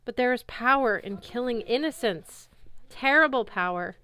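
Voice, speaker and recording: A woman's voice: fairly high pitch, animated, moderate pace, bright, forceful tone, clear, resonant tone, voice pushed up. A woman voicing a solemn huntress girl who speaks in a grave, old-fashioned, formal way. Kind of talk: audiobook character voice.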